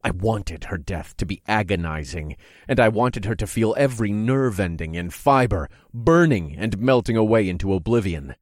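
Deep-voiced man reading a dark story. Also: expressive, no echo, studio quality. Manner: measured, dramatic reading. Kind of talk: scripted first-person story narration.

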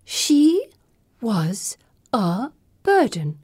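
A woman's voice: a little high, very animated, normal speed, dark tone, dry recording, clean studio sound, pitched above the performer's own voice. A woman voicing a cruel, coquettish teenage girl who speaks coolly and sometimes sinks into a menacing whisper. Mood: taunting. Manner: cool, sly, drops to menacing whispers. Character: coy, cruel teenage girl queen, taunting.

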